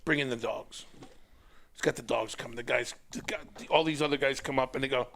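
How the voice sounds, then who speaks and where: Bright-voiced man telling a lively story. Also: on the high side, brisk, slight background noise. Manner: animated storyteller who acts out voices. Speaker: podcast guest, former wrestler. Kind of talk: casual storytelling.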